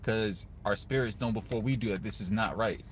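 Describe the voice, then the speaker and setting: A young man, giving casual, earnest advice to other men, often turning to the listener with a quick "right?". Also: on the low side, a little hiss or hum. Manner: earnest, conversational, repeats "guys" and "right?". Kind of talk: casual motivational talk to camera.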